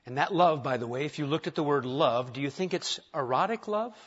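A man's voice: on the high side, lively intonation, a little fast, fairly bright tone, breathy edge, dull audio. A man preaching a sermon in a church, conversational, with rhetorical questions and light humor. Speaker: pastor. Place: church sanctuary.

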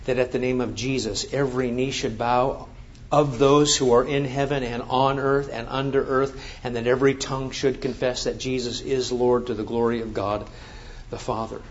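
A man's voice: medium pitch, little pitch movement, moderate pace. A man preaching a sermon, reading scripture and then explaining it with emphatic, rising exclamations. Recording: dull lo-fi sound.

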